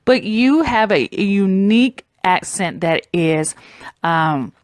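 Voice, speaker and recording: A woman's voice: mid-range voice, lively intonation, slow pace, dry recording, studio quality. A woman in her forties with a Southern US accent, talking conversationally and emphatically as a branding coach on her podcast. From Southern United States. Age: 40s. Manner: conversational and emphatic, addresses listeners as "guys". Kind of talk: casual solo podcast talk.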